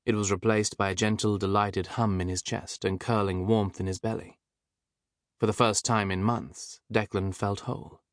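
This audiobook is narrated by a man whose voice is fairly low, telling the story at a steady, measured pace. It's a dry, studio-quality recording.

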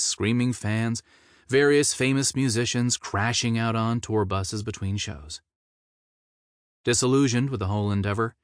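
Male audiobook narrator, low voice, measured scripted reading, dry close sound. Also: no echo.

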